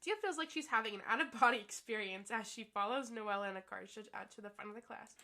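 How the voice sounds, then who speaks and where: A woman streamer reads a visual novel aloud, breaking off into giggly, exclaiming reactions. Her voice sits a little high. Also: pushed and bright.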